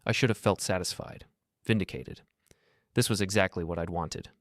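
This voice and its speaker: A man narrating a first-person story in a measured, earnest way. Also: sits low, dry recording, studio quality.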